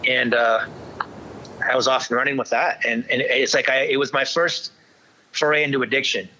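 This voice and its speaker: A man as an interview guest, telling a candid personal story in a halting way, with many restarts and fillers. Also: mid-range voice, steady tone, sharp tone. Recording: dull lo-fi sound.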